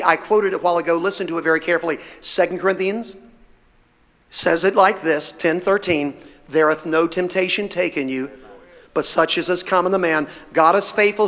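A man's voice: on the high side, a bit bright. A man preaching a sermon to a congregation, fervent and emphatic, his voice rising in bursts as he presses his points. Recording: reverberant hall sound.

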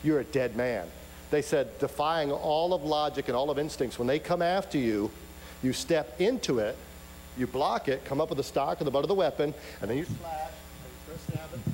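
Animated preacher in an echoey hall. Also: male voice, a little high, moderate pace. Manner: animated storytelling with acted-out voices and shouts. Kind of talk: sermon. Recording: echoey hall with faint hum.

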